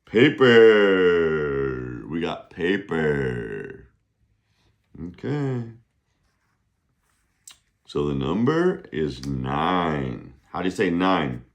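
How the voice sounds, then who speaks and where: A male Chinese teacher running a playful classroom lesson, humming little tunes between steps and drilling words slowly. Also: rumbling low, very animated. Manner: slow, drawn-out pronunciation drills.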